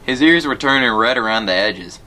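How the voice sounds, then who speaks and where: A man's voice: mid-range voice, animated, fairly quick, bright, forceful tone. A man reading a children's novel aloud, telling the story plainly and voicing the characters lightly. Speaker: reader.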